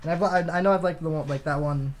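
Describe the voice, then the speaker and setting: A young man co-hosting a casual podcast, joking and swearing in quick banter. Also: a little high, a little hiss or hum. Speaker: podcast co-host. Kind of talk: casual chat.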